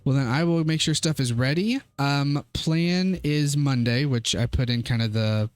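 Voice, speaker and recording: A man's voice: medium pitch, normal speed. Easygoing male game master. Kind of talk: narrating a tabletop game session.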